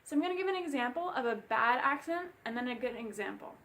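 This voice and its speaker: A woman with a high, light voice gives a bassoon lesson. She explains each step in a clear, friendly teaching manner. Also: animated, quick pace, fairly bright tone. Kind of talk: instructional music lesson.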